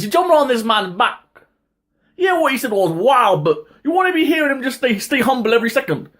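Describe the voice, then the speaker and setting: A man hosting his own boxing talk channel, ranting in a heated, casual way, with lots of swearing and sudden high-pitched outbursts. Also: a bit bright. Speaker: boxing commentary vlogger. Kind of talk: casual opinion rant.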